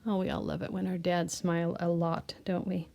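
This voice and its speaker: A woman's voice: fairly low pitch, level tone, vocal fry, dark tone, dull audio. A young American woman teaching a phonics lesson to young children, patiently sounding out each word. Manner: slow, patient, sounds out words.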